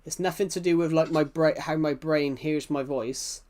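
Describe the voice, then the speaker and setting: Chatty British male streamer, slightly high. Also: steady tone, normal speed, darkish tone. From United Kingdom. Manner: rambling, answers chat, frequent restarts. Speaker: game streamer. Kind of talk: casual live-stream chat.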